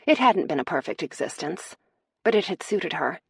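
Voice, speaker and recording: A woman narrates a romance audiobook in a steady, measured way. Her voice is very low, husky and a little gravelly. The read is dry and close to the mic. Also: dry recording.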